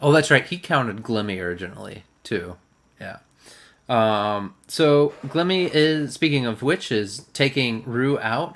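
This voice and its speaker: A man's voice: fairly low pitch, fairly bright tone. A man in casual chat, recapping an episode in a rambling way full of fillers.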